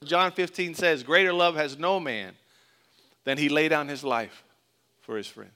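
A man's voice: fairly high pitch, measured pace, pushed and bright, smooth. A middle-aged man from Florida preaching a sermon in a conversational, joking way, mixing scripture with a story from his own childhood. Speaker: pastor.

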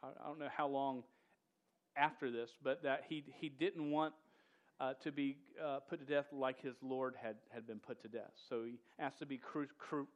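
A man's voice: mid-range voice, steady tone, normal speed, dull audio. A man preaching a casual, emphatic sermon who often stumbles and restarts words and drops slang like "dude".

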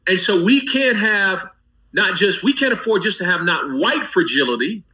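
A man's voice: high voice, expressive, moderate pace, bright, forceful tone. A man, a pastor, speaking as a guest with a preacher's rhythmic cadence, building emphasis through lists and rising repetition. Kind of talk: impassioned guest commentary on a talk program. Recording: dull lo-fi audio.

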